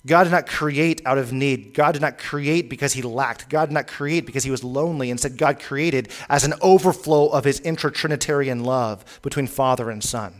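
A man's voice: mid-range voice, moderate pace, hardly any pauses. Emphatic male preacher. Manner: emphatic, repeats key lines for weight, occasional stumbles. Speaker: pastor. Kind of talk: sermon.

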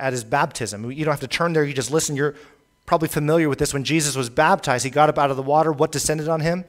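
A man preaching a sermon, emphatic and given to repeating key lines for weight, with the occasional stumble over his words. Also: a little high. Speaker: pastor.

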